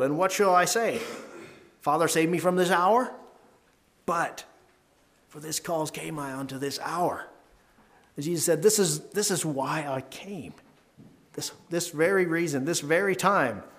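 A man leading a devotional Bible talk. He reads scripture aloud and talks it through earnestly, rising in pitch and volume to stress key verses. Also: a bit bright.

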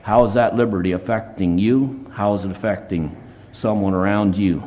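In a darkish, low-leaning voice at normal speed, a man delivers a plainspoken, earnest sermon at church. He reads scripture aloud using King James wording.

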